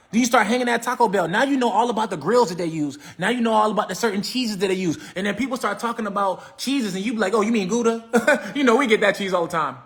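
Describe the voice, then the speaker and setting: A man gives a motivational talk on a livestream. His voice sits high, and he speaks in an emphatic, preachy way. He hammers his points home by repeating them. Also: fairly bright tone. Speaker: real estate coach.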